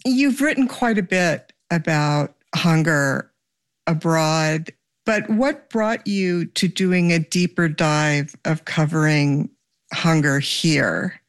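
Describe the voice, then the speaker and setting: An interviewer who speaks slowly and deliberately, posing careful, probing questions. The voice sounds close and dry, with no room echo. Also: medium pitch.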